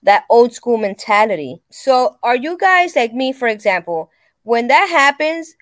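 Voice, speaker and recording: A woman's voice: a little high, big pitch swings, a little slow, no echo, clean studio sound. A woman co-hosting a podcast who chimes in with short agreements and raises questions to the group. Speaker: podcast co-host. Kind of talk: casual chat.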